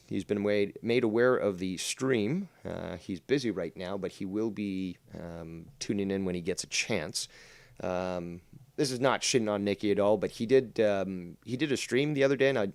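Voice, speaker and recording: Profane low-voiced male streamer host. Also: no echo. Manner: profane, mocking, rambling. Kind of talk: livestream drama commentary.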